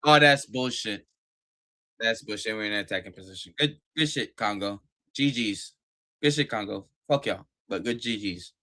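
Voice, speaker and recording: A man watching a soccer match and reacting live, profane and swinging from shouted outbursts to low muttering. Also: moderate pace, no room sound, studio quality.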